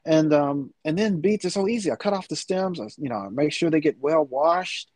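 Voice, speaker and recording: A man's voice: fairly high pitch, lively intonation, fairly quick, darkish tone, dry recording. A middle-aged man in a casual chat, talking with rambling enthusiasm. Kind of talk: casual chat about food.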